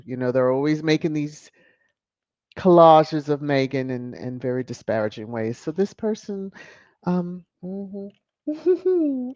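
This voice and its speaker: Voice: mid-range voice, darkish tone, dry recording. A commentator on a video channel, sassy and mocking, chuckling often while reading headlines and viewer comments aloud. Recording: dull lo-fi, dry close mic.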